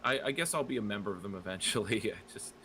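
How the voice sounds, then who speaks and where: On a casual political podcast, a man with a low, bright, forceful voice chats expressively at a quick pace. He hesitates often, piling up fillers and restarts. The audio is poor, with a faint hiss underneath.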